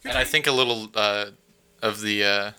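A man's voice: lowish voice, normal speed, sharp tone, clean tone. A young man co-hosting a casual podcast, laid-back and joking. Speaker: podcast co-host. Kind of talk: casual chat.

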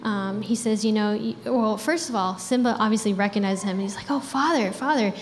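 A woman's voice: mid-range voice, steady tone, brisk. Young woman giving a casual sermon, lots of ums, echoey church hall. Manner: casual, chatty preaching with frequent fillers. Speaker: preacher. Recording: reverberant hall with faint background noise.

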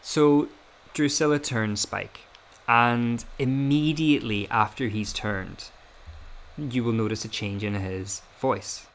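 A man's voice: medium pitch, slow, fairly bright tone, a little hiss or hum. Man who talks in restarts. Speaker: podcast co-host. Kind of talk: casual analytical chat.

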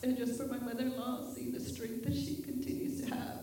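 A woman giving halting thanks at a church service, with many pauses and fillers. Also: fairly high pitch, level tone, warm tone, slight background noise. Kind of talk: spoken prayer of thanks. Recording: echoey room, voice from far off.

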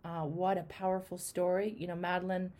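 A woman hosting an interview, speaking with impassioned, repetitive emphasis that swings between loud outbursts and hushed words. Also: on the low side, level tone, brisk. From Canada. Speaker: host. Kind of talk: emotional interview conversation.

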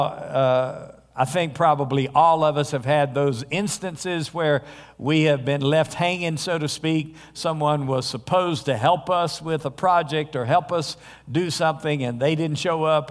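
A male pastor preaching a sermon in a church, telling stories in a conversational way with frequent pauses. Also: fairly high pitch. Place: church sanctuary. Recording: long hall reverb.

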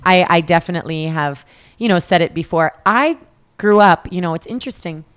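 Low-voiced woman chatting on a podcast. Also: a little fast, smooth. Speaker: podcast co-host, on-camera presenter. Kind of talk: casual chat.

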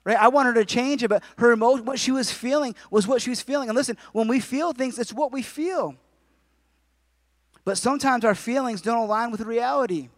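With jokes and asides for his congregation, the forties-aged pastor keeps his sermon conversational. He speaks briskly in a very high voice, recorded dry.

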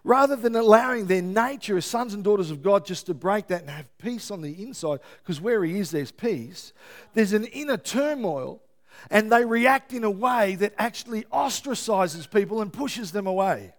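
A man preaching a sermon as pastor, lively and often checking in with his listeners. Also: high voice, moderate pace. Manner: lively, keeps checking in with the congregation.

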